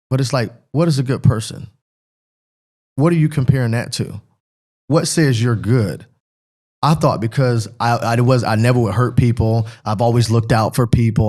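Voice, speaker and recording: Middle-aged man, personal testimony, rambling, repeats himself, earnest, mid pitch. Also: a little mellow. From Pennsylvania. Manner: rambling and repetitive, earnest, breaks up with emotion. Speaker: guest, former football player.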